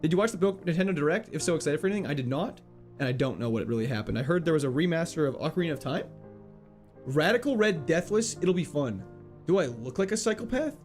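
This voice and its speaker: A male streamer talking casually through a live game session, his fairly high voice bouncing animatedly as he jokes with chat. Quiet game music hums underneath him. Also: lively intonation, fast talker. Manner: chatty and playful, laughing often. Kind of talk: casual live gameplay commentary, reading chat.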